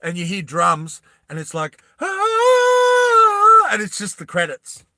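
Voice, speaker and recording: A man casually retelling a movie plot, animated and rambling, often laughing. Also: a little high, normal speed, no room sound, clean studio sound. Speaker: storyteller.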